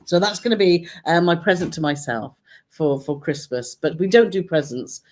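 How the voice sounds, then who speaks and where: A woman from Britain co-hosting a casual travel live stream, chatty and quick to laugh as she reads out viewer comments. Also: fairly low pitch, a little mellow, slight background noise.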